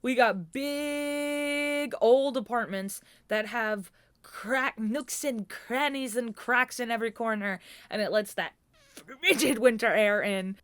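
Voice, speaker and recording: A young woman from New Jersey jokes her way through a casual chat. Her voice sits a little high, and she keeps poking fun at herself with playful asides. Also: takes it slowly, fairly bright tone, clear, resonant tone, no room sound. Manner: joking, self-deprecating, playful asides. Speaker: podcast co-host.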